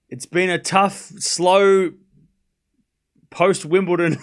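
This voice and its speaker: Male streamer, higher-pitched, playful live match commentary with teasing chat banter. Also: a little slow, long pauses. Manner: playful, scolds chat, pleading.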